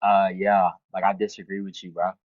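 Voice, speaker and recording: A man's voice: deep voice, completely flat delivery, brisk, no room sound, narrow, tinny audio. A man calling into a live stream to argue, rambling and stuffing his talk with "like" and restarts. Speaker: caller in a debate stream. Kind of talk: casual heated argument.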